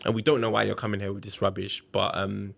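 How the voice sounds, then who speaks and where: Speaking quickly with a fairly low pitch and vocal fry, a male podcast guest recounts a story. His delivery is lively and full of slang, and he performs the quoted lines in different voices.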